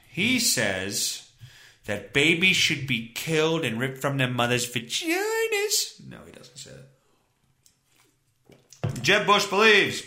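A man's voice: on the high side, sharp tone. Ranting, profane man hosting a podcast. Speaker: podcast host. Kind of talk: solo podcast rant. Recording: roomy echo.

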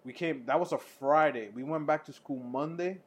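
A man co-hosting a podcast, telling an animated, profane story full of laughter in casual chat. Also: fairly high pitch, moderate pace.

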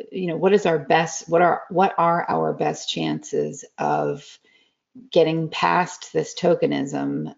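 Woman host, gravelly, unhurried, searching questions, muffled lo-fi audio. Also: low voice. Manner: slow, searching questions with restarts. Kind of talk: radio talk show hosting.

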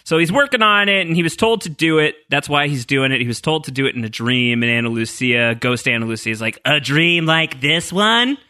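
A man hosting a podcast in casual, animated chat with many fillers. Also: medium pitch, quick pace, few pauses, clean tone, dry recording, clean studio sound. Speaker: podcast host.

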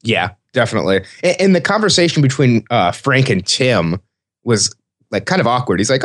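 A man co-hosting a casual TV recap podcast, animated and quoting characters. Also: mid-range voice, a little fast. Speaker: podcast co-host.

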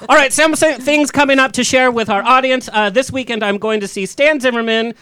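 A man hosting a podcast, telling stories in a casual, animated way and laughing often. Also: extremely high pitch, fairly quick, smooth, no room sound. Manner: chatty, laughing, animated storyteller. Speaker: podcast host. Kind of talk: casual chat.

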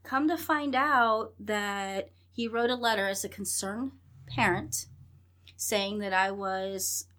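A woman's voice: mid-range voice, slow pace. A woman in her thirties telling her own story in an interview, acting out what people said, laughing often and swearing. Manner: animated, acts out dialogue, laughs often, swears. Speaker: interview guest.

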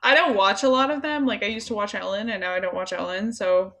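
Chatty bright-voiced young woman. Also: medium pitch, fast. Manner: rambling, repeats herself, many fillers. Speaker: podcast co-host. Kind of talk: casual chat.

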